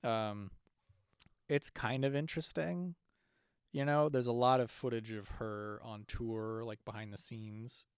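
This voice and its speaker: A man's voice: mid-range voice, steady tone, a little slow, smooth, dry recording, studio quality. A young man co-hosting a podcast in casual chat, rambling with lots of fillers and restarts. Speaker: podcast co-host.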